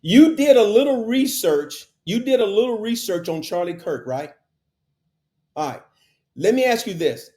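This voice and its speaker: A man hosting a podcast, arguing forcefully and insistently, repeating phrases to hold the floor. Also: high voice, lively intonation, normal speed. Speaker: podcast host. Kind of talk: heated debate.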